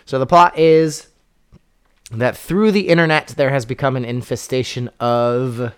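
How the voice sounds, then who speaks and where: A man's voice: mid-range voice, measured pace, clear, resonant tone. A young man chatting casually as a podcast co-host, rambling and wry, with lots of fillers and restarts. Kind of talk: casual chat.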